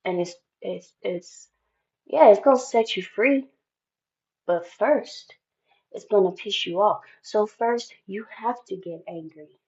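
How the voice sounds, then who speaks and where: A woman's voice: mid-range voice, takes it slowly, darkish tone, dull audio. A woman giving an intuitive tarot reading, talking in an emphatic, spiritual way and often repeating phrases. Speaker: tarot reader.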